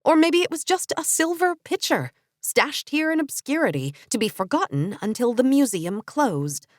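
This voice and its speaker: Expressive woman audiobook narrator. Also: high voice, normal speed, no room sound, clean studio sound. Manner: expressive first-person storytelling.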